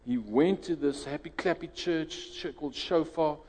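A man's voice: fairly high pitch, moderate pace, a little mellow, big-room sound, low-quality recording. A South African man preaching a sermon and leading prayer in a conversational way, restarting phrases and rising sharply when he quotes others.

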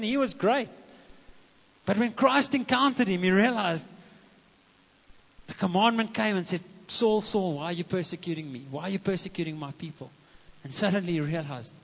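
A man, a pastor preaching a sermon in a church, animated and speaking straight to the congregation. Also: sits high, gravelly. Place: church hall. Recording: dull muffled echoing hall recording.

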